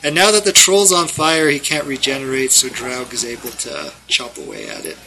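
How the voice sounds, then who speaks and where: A man's voice: medium pitch, sing-song, normal speed, pushed and bright, slight background noise, low-quality recording. A man running a tabletop game from a gamebook, narrating in a dry, amused way. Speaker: game master reading a gamebook.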